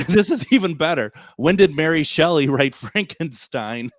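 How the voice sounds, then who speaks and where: A man's voice: a little high, animated. Joking man hosting a livestream. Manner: jokey, laughs a lot, puts on quick voices for friends. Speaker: host. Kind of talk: casual livestream chat.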